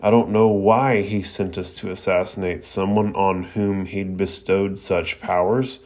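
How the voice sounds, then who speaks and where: A man reading the lines of a cold, serious teenage boy ninja rival in a low, measured voice. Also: level tone, darkish tone. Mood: grave.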